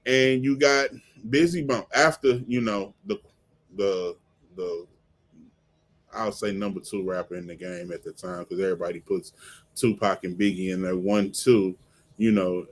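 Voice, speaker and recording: A man hosting a podcast, talking in an animated way and repeating words when he gets excited. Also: low-pitched, unhurried. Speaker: podcast host. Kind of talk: casual chat, music commentary.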